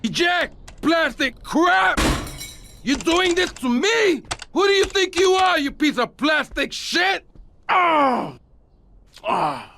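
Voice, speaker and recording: A man's voice: sits high, big pitch swings, background noise, heavily acted. An actor playing a theatrical, hot-tempered male crime boss with explosive outbursts. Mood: furious. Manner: explosive outbursts, drawn-out speech.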